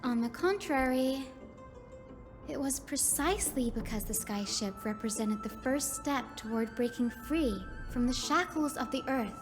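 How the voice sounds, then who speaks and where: An actress voicing a young woman scholar and assistant lecturer in a game, explaining in a clear, measured way. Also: fairly high pitch, natural voice. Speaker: game character. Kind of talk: game voice acting. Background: game music.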